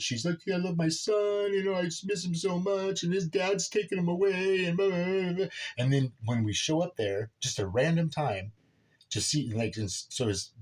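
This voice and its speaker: A man's voice: fairly low pitch, husky. A man rambling casually through a personal story about his son, filling his talk with "right?" and "dude". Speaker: father telling a personal story.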